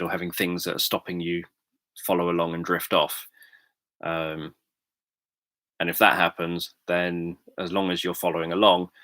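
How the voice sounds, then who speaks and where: A British man speaks in a very deep, bright voice. He explains things calmly to his livestream viewers with little rise and fall, pausing often with ums. The sound is close and dry. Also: dry recording. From Britain. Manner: calm, measured, thoughtful explaining with frequent ums. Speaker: livestream host, sleep story narrator. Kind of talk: casual livestream chat.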